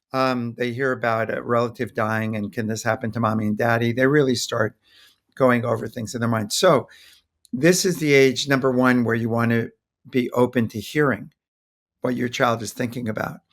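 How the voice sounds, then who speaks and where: Man, older, pediatrician, podcast guest, thoughtful, mid-pitched voice. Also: normal speed, vocal fry. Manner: thoughtful, acts out soothing toddler talk. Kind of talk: podcast interview.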